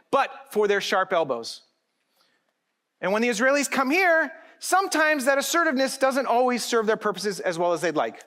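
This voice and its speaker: A man's voice: high voice, bright, forceful tone. A middle-aged man giving a conference keynote speech, talking directly to the audience and joking with them.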